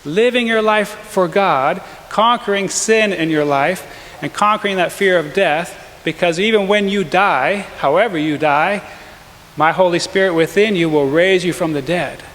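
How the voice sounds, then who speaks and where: A male pastor giving a lively, conversational sermon with quick asides and chuckles, in a church. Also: sits high, a little hiss or hum. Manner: energetic, conversational preaching with frequent asides and laughs. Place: large church. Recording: long hall reverb in church.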